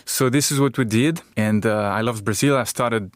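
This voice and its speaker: Frenchman joking in halting English. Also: mid-range voice, dry recording, studio quality. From France. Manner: hesitant, repeats words, playful jokes. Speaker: comedian guest. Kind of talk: casual interview chat. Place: radio studio.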